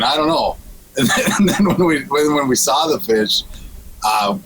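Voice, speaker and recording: A man's voice: lowish voice, unhurried, a bit bright, a little hiss or hum, poor audio. A man guesting on a radio show, telling a fishing story in casual chat, with frequent restarts and laughs. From Minnesota.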